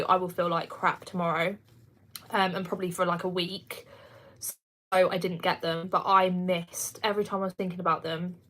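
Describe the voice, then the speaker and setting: Speaking in a sharp, mid-range voice, this Kent-accented Englishwoman in her twenties chats casually as a livestream host. She responds to viewers' comments and laughs frequently.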